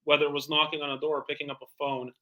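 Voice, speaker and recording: A man who is a guest in an interview, a tailor and entrepreneur telling sales anecdotes in a lively way, full of "like" and "you know". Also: a little high, rapid-fire, narrow, tinny audio. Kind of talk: animated storytelling in conversation.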